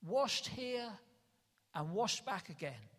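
A man's voice: high-pitched, big pitch swings, takes it slowly, fairly bright tone. A male preacher giving a dramatic sermon that rises to emphatic calls, recorded in a church hall. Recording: long reverb in a large hall.

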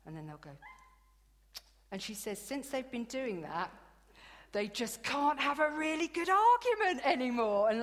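A woman preaching a sermon in a chatty, animated storytelling way, laughing now and then. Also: high voice, a little slow. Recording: long hall reverb.

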